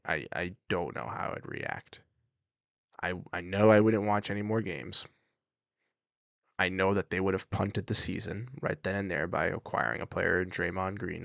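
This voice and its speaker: A man hosting a sports livestream, ranting heatedly and swinging between loud outbursts and muttered exasperation. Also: fairly low pitch, vocal fry, no room sound. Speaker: sports podcast host. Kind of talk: livestream rant.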